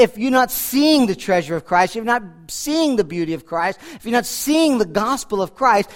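Male pastor, high-pitched, emphatic sermon delivery with hushed asides. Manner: emphatic, swings between loud declarations and quiet asides.

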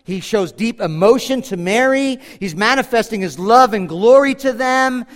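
A man's voice: sits high, lively intonation, normal speed, few pauses. A pastor preaching a sermon, talking casually with asides and humor as he walks through a passage. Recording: hall reverb.

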